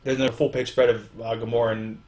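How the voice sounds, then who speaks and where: A man's voice: mid-range voice, level tone, fast talker, a little mellow. A young man hosting a podcast in casual chat, recapping at length with many fillers. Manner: rambling recap full of fillers. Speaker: podcast host.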